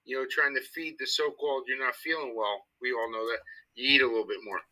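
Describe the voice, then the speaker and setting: A man co-hosting a casual sports talk show, chiming in with quick agreeable remarks. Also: medium pitch, fairly even intonation, sharp tone, rough recording.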